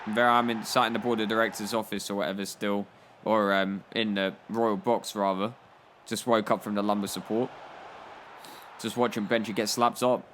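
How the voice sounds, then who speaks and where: A man's voice: on the low side, level tone, moderate pace, fairly bright tone, slight background noise. A young man commenting on his football game, spinning rambling, jokey stories full of "like". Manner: rambling, jokey storytelling with frequent "like". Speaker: gaming YouTuber. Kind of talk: comedic gameplay commentary.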